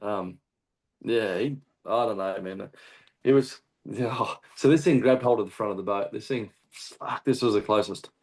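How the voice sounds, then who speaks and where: A man with an Australian accent, a hunting guest telling a story in casual chat, animated and swearing often. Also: fairly low pitch, moderate pace. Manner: animated, swears often, acts out shouted quotes. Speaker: guest hunter.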